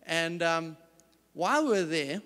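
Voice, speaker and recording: Earnest high-voiced man in a hall. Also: lively intonation, slow pace, a bit bright. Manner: earnest, emphatic storyteller. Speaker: company CEO speaker. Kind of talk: faith-based business talk. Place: large event hall. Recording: reverberant hall sound.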